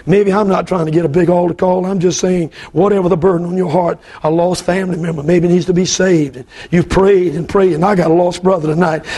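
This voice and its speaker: A man preaching a fervent revival sermon, often shouting, with repeated calls and questions. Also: sits high, husky.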